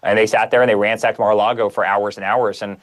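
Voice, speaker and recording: Fast-talking emphatic man. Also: fairly low pitch, little pitch movement, fairly bright tone. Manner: emphatic, piling up repeated phrases. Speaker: guest author. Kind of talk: conversational interview.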